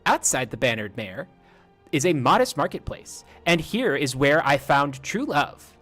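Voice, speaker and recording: A man's voice: fairly high pitch, sing-song, measured pace, a bit bright, faint music behind, heavily acted. A man reading a game book aloud as a lecherous, flowery male bard while mimicking a text-to-speech lady voice. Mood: grandiose. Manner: grandiose, theatrical reading.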